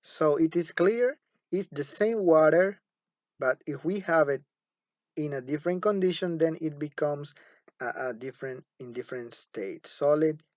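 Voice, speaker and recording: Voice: medium pitch, dry recording. A teacher giving a phonetics lecture, patient and repetitive, often checking in with the class. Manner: patient, repeats words and asks "okay?" often. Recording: dull lo-fi dry recording.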